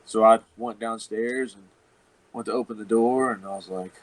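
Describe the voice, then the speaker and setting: A man's voice: fairly low pitch, steady tone, normal speed, long pauses, poor audio. Profane, laughing man telling stories. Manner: profane and laughing, rambling anecdotes. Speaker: professional wrestler guest. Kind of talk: casual storytelling.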